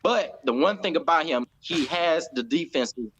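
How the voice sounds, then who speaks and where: A man with an American accent, chatting casually as a pundit on a fan show, animated and laughing often. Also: fairly high pitch, normal speed, slightly rough. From United States. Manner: animated, laughs often, acts out quotes in a raised voice. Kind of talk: casual post-match chat.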